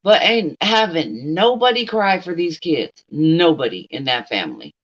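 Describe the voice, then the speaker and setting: A middle-aged woman hosts a casual livestream, blunt and outspoken, addressing someone who isn't there and responding to her chat. Her low voice has big pitch swings and a slightly slow pace, with lo-fi sound.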